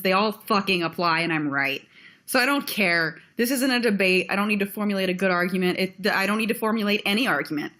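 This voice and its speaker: A woman's voice: mid-range voice, pushed and bright. Young woman vlogger, blunt and heated rant, swears freely, mid-range voice. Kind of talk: ranting video commentary.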